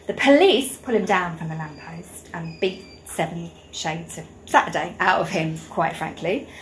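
A woman giving a lively public talk on local history, telling stories in an enthusiastic, wry and conversational way. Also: mid-range voice, slight background noise, poor audio. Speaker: history speaker.

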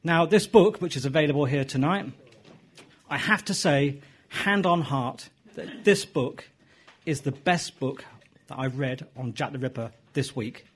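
A man's voice: mid-range voice, measured pace, husky. An enthusiastic, jokey man hosting a society meeting, introducing the guest speaker to a live audience in a hotel function room. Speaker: event host introducing the speaker.

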